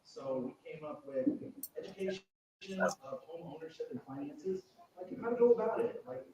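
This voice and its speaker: A man's voice: high voice, expressive, moderate pace, highs cut off. A man reporting back at a community meeting, talking loosely with many fillers. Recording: distant echoing room mic, noisy.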